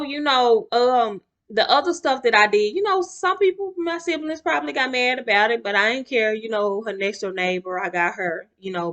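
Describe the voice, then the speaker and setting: A young woman, talking to camera in a chatty storytime vlog and acting out her relatives' voices. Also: fairly low pitch. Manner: animated, acts out relatives' voices, chatty with y'all asides. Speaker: vlogger.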